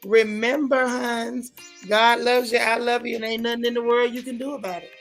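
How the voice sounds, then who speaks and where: Sassy woman spilling tv gossip to her viewers, kinda high voice, says stuff twice for effect. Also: flat delivery, fairly bright tone, faint music behind. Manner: sassy, drawn-out emphatic repeats. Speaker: host of a gossip and TV recap livestream. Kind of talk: casual chat with viewers.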